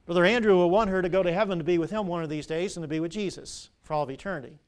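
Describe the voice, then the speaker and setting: An older man preaching a sermon as pastor, asking the congregation questions and pausing for their answers. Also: high-pitched, clean tone. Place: church sanctuary.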